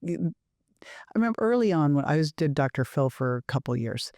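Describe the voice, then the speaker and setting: A woman chatting as a podcast guest in a casual, quick-talking way. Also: low-pitched, lively intonation, a little mellow, no room sound, clean studio sound. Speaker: podcast guest, nutrition expert. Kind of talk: casual conversation.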